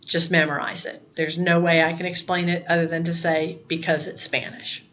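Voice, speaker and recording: A woman's voice: fairly low pitch, level tone, normal speed, a bit bright, muffled recording, slight background noise. A woman in her fifties teaching a recorded Spanish lesson, plain-spoken and chatty, with asides. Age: 50s.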